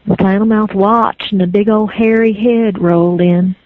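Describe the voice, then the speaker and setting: A woman's voice: mid-range voice, steady tone, moderate pace, no room sound. A woman telling a folk tale in a rhythmic, repetitive, folksy way. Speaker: storyteller. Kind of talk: oral folk storytelling. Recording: dry, phone-like lo-fi recording.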